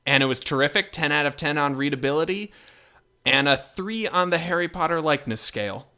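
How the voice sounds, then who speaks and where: A man's voice: on the high side, expressive, brisk, pushed and bright, clean tone. A young man co-hosting a casual podcast, dropping dry, wry asides and reading listener mail. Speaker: podcast co-host. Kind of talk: casual chat. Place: shared room with co-hosts.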